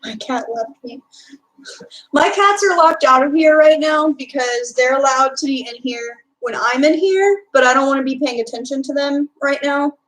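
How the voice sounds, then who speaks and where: A woman's voice: sits high, moderate pace, fairly bright tone, low-quality recording. A young woman from Texas with a Texan accent, chatting casually on a live stream and answering her chat. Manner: chatty, reads and answers chat, filler-heavy.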